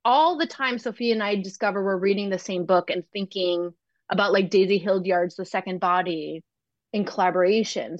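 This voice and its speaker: A woman's voice: medium pitch, dry recording. Searching, thoughtful woman on a muffled line. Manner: thoughtful, searching, frequent restarts. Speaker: guest author. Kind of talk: reflective conversation. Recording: slightly muffled dry recording.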